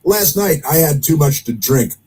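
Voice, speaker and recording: Husky sarcastic man ranting casually. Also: a little high, animated, normal speed, a little mellow, rough recording. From United States. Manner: sarcastic, rambling with many fillers. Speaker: political commentary host. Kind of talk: casual political commentary.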